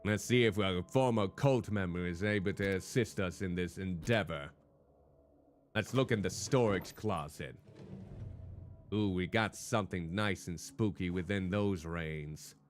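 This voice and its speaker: A low-voiced man talks at a measured pace, with slight background noise and faint music behind him. He streams a game in a put-on hardboiled private-eye voice, chatting with his viewers and greeting each by name.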